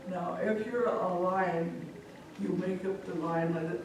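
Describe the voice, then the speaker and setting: A woman from Omaha telling a folk tale live to an audience, animated and speaking directly to listeners. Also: lowish voice, unhurried, slight background noise. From Omaha, Nebraska. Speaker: storyteller. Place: live public event, echoey room. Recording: echoey hall from far off.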